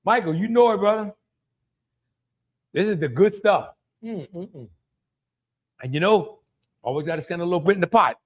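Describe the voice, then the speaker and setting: A high-voiced, brisk middle-aged cooking show host from Louisiana, Cajun accent and all, runs a live stream with folksy talk and greetings to viewers by name. He leaves long pauses between stretches of speech.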